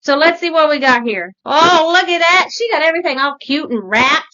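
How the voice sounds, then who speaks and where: A woman hosting her craft channel, chatting excitedly and gushing as she opens a mystery box. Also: high voice, fairly quick, muffled recording. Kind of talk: casual unboxing vlog.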